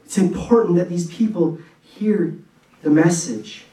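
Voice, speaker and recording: A man preaching a sermon in an earnest, conversational way, with quick bursts and restarts, recorded in a church hall. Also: high-pitched, mellow. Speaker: pastor. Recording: echoey room from a distance.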